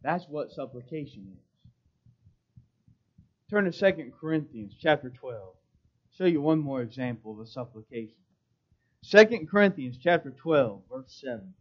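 A man's voice: a little high, slightly rough. A male pastor preaching a sermon, reading scripture in old-style wording with emphatic, swelling stress. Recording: dull lo-fi recording.

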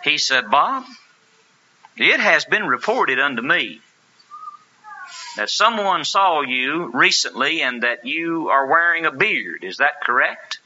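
A man's voice: a little high, animated, unhurried, bright, forceful tone. A man preaching a sermon, telling a story with earnest, emphatic rhetorical questions. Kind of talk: sermon with anecdote. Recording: lo-fi sermon recording.

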